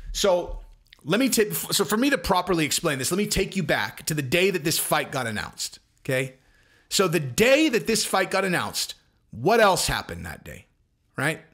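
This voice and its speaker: A man hosting his own commentary channel, talking fast and emphatically. His voice sits a little high and comes across bright and forceful. He circles back and repeats himself to drive each point home. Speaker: channel host.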